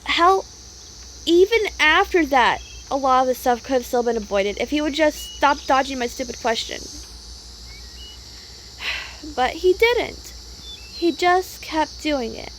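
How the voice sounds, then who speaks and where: A woman's voice: high-pitched, animated, measured pace, long pauses, a bit bright, slight background noise. A young woman vlogger venting in a casual, rambling monologue, upset and swearing freely.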